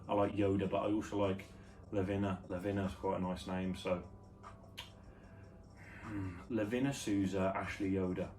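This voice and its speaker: A young man with a British accent chats casually in a flat, offhand, musing way, sounding tired rather than lively. His voice sits a little low. He is picked up from a slight distance, with a faint noise underneath. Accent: British English. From United Kingdom. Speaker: vlogger. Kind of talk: casual rambling chat.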